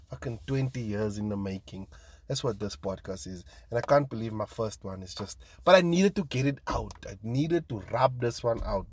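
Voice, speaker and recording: A man's voice: medium pitch, a little mellow, no echo. A man hosting his own podcast, rambling casually, laughing and swearing freely as he talks. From South Africa. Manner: loose and laughing, swears freely, lots of fillers. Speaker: podcast host and stand-up comedian.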